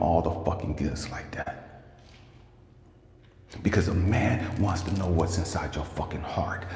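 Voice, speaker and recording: Profane, preachy young male coach, deep and gravelly voice, roomy reverb. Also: animated, normal speed, pauses often, darkish tone. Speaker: life coach and speaker. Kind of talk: casual storytelling rant to camera. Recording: echoey room with long reverb, faint ambience.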